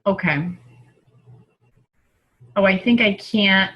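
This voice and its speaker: A woman's voice: medium pitch, slow, lo-fi sound. A woman coaching her group on a video call, chatty and rambling as she thinks aloud. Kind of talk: casual video call talk.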